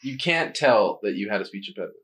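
A man's voice: lowish voice, expressive, fast talker, a bit bright, a little hiss or hum. A young man co-hosting a podcast and trading teasing jokes in casual chat. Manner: joking, teasing banter. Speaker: podcast co-host.

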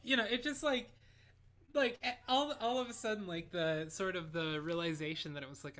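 A man from Ohio, a composer and pianist, telling a story as an interview guest in an animated, rambling way, full of "like" and restarts. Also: high voice, normal speed. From Ohio, United States. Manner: animated, full of "like" and "you know", many restarts. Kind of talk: reflective conversational storytelling.

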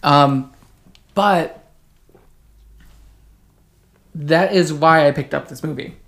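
A woman with a very low voice and a gravelly, fried edge chats about films as a podcast co-host. She is enthusiastic and emphatic, often chiming in to agree. Her talk is loose and conversational. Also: unhurried. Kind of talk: casual movie chat.

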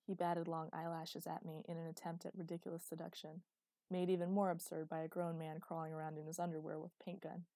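A woman's voice: fairly low pitch, little pitch movement, brisk, warm tone, no echo. A woman narrating first-person fiction in a dry, wry storytelling manner, close to the mic. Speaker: audiobook narrator.

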